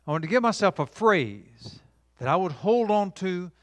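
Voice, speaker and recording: A man preaching a sermon in a slightly high voice, emphatic, shifting between loud declarations and near-hushed lines. He leads the congregation in call-and-response. The sound is dry and close, with little room echo. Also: sing-song, moderate pace. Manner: engages audience with call-and-response. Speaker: pastor.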